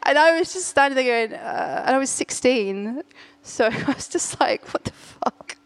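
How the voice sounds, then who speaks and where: A middle-aged woman, telling a story in a casual chat, animated, laughing often and restarting her sentences. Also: high-pitched, moderate pace, smooth.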